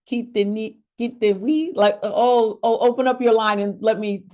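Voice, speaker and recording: A woman hosting a wellness webinar over a video call, talking to her audience in an expressive, preacher-like cadence that rises with emphasis. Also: fairly high pitch, normal speed, dull audio. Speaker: webinar host. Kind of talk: motivational webinar talk.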